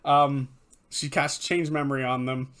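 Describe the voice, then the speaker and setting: A man's voice: mid-range voice, level tone, a little slow, a bit bright. A man giving casual, enthusiastic video commentary, recapping favorite moments, swearing freely and correcting himself as he goes. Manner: enthusiastic, profane, rambling with self-corrections. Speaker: fan commentator.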